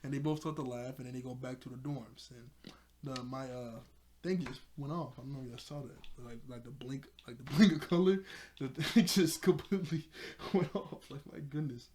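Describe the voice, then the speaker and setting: Excitable man recapping an episode. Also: medium pitch, normal speed, a little hiss or hum. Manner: chuckles often while retelling, excitable. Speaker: episode reviewer.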